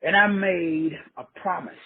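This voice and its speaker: A man's voice: high-pitched, fairly even intonation, a little slow, breathy edge. A man from Texas giving a profane, emphatic motivational monologue, repeating phrases for effect. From Texas, USA. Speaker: motivational speaker. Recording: tinny phone-like audio.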